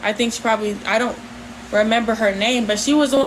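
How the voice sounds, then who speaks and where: A woman hosting a livestream, talking casually in a rambling, halting way with lots of fillers. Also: fairly high pitch, noisy background. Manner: says she talks with her hands, animated. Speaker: livestream host.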